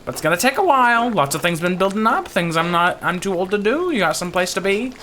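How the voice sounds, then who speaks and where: A man's voice: high-pitched, big pitch swings, fast, pushed and bright, slight background noise, pitched above the performer's own voice, full character voice. A man voicing a bitter, spiteful old peasant woman while reading game dialogue aloud, scornful and snarling. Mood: grumbling.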